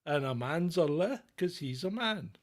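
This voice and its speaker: A man's voice: on the high side, lively intonation, a little slow. A man from Britain co-hosting a casual comedy chat show, mocking and irreverent, often laughing. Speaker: podcast co-host.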